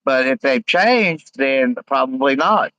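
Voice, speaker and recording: A man hosting a casual live stream, rambling with many halting fillers as he reads out viewer comments. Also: medium pitch, lively intonation, sharp tone, no room sound, muffled recording.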